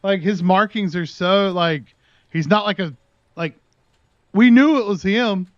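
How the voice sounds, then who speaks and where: A man's voice: high-pitched, a little slow, no room sound, dull audio. A man chatting casually on his livestream, telling a long rambling story and talking to his dog in between. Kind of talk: casual chat with stream viewers.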